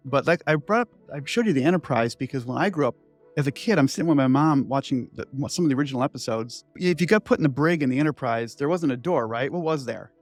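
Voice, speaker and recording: Older man in his sixties, inventor, rambling interview storyteller, mid-pitched voice, faint music behind. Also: quick pace. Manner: animated, digressive, many "like" and "right?" asides.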